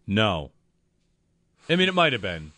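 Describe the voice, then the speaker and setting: A man's voice: on the low side, wildly swooping pitch, a little slow, pushed and bright, dry recording. A man co-hosting a casual sports talk show, telling wry stories. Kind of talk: casual sports radio chat.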